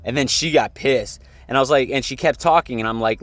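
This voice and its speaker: A man's voice: medium pitch, fast, fairly bright tone, dry recording. A young man telling a story in a casual vlog, rambling and heated, with lots of fillers and swearing. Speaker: vlogger. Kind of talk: casual venting vlog to camera.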